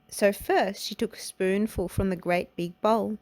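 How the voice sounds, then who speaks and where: A woman reading a children's storybook and nursery rhymes aloud, in a gentle, unhurried way. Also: medium pitch, fairly even intonation, dry recording. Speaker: children's book reader.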